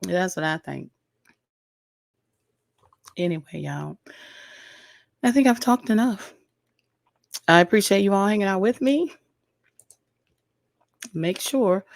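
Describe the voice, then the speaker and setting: A woman's voice: medium pitch, vocal fry, no echo, clean studio sound. A woman hosting a casual commentary vlog who gives her opinions bluntly and talks straight to her viewers, her voice weak from allergies and coughing. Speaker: YouTube commentary host.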